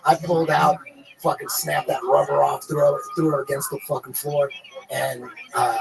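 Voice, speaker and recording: A man's voice: on the high side, flat delivery, moderate pace, vocal fry, a crowd in the background, poor audio. Profane rambling man telling a story. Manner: profane, rambling, laid-back. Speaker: podcast guest. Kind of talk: casual crude storytelling.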